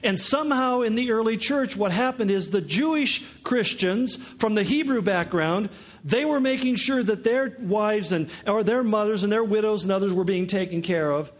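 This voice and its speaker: High-voiced man preaching a sermon. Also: normal speed. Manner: conversational teaching with joking asides. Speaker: pastor.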